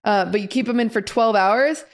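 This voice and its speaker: A young woman co-hosting a podcast in casual chat, telling stories in an animated way and acting out other people's reactions. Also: a little high, normal speed. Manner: animated storyteller who acts out quoted reactions. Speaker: podcast co-host.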